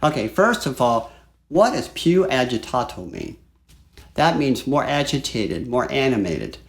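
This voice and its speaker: A man teaching flute in a relaxed, chatty way, walking through a piece and singing phrases aloud. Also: medium pitch, unhurried, vocal fry. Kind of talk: music lesson. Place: home studio.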